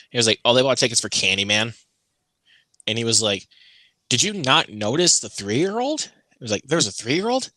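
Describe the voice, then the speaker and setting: A man co-hosting a casual chat, telling a story with animated delivery and acting out the people he quotes with big jumps in pitch. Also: no room sound.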